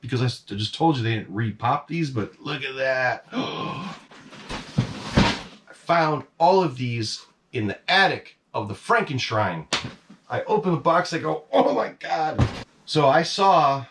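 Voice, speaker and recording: A man's voice: mid-range voice, lively intonation, normal speed, background noise. A middle-aged man casually chatting about his collection in a basement, rambling with plenty of "you know"s and fillers. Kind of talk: casual vlog chat. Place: basement room.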